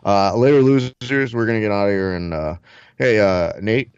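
A man's voice: fairly low pitch, moderate pace, smooth, no echo, highs cut off, natural voice. A man doing an impression of a laid-back male fighter who talks in slurred slang, swears constantly and calls everyone dog.

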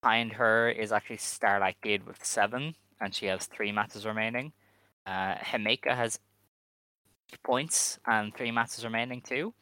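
Low, bright-voiced podcast man. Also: steady tone, clear, resonant tone, no echo. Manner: reads standings in a measured, dry way. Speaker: podcast co-host. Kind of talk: casual podcast chat.

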